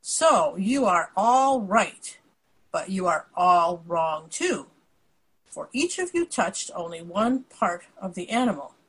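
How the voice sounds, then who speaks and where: Gentle wise prince, storybook, husky, calm and measured, woman reading. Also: fairly low pitch, full character voice, rough recording.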